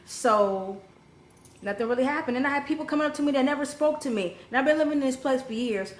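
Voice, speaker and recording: Speaking quickly in a high-sitting voice, a woman tells a personal story in a casual storytime vlog. She's blunt and profane, animated, with sudden rises, and the echoey room carries faint background noise.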